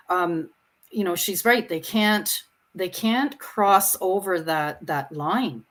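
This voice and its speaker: A woman's voice: on the low side, slow pace. A woman co-hosting a talk show, speaking reflectively and often checking in with "right?" and "you know". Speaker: co-host. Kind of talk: reflective conversation.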